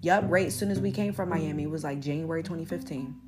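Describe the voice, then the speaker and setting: A woman's voice: sits low, fast talker, loud music behind the voice. A woman hosting her own podcast in a rambling, playfully boastful monologue, with an American accent that mixes northern and southern sounds. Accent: American, mixing northern and southern. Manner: chatty, rambling and playfully boastful, addresses listeners as y'all. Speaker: podcast host. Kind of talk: casual solo podcast monologue.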